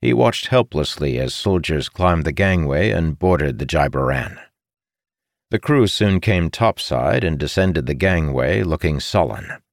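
A man narrating a fantasy story as an audiobook reader, in an expressive, dramatic way. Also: a bass voice, measured pace, gravelly, no room sound, studio quality.

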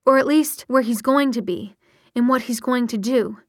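A woman's voice: on the high side, moderate pace, no room sound, clean studio sound. Woman voicing a determined young daughter. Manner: blunt, determined.

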